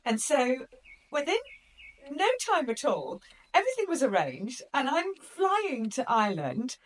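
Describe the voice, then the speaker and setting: A woman hosting a podcast, telling a story to her listeners in an excitable, chatty way with plenty of fillers. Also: sits high, measured pace. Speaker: podcast host.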